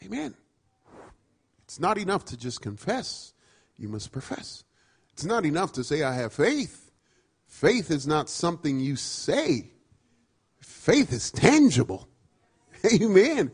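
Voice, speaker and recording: A man preaching a sermon, emphatic and repetitive, swinging from loud declarations to quiet asides. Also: on the high side, very animated, measured pace, long pauses, slightly rough. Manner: emphatic, repeats phrases, swings between loud and soft.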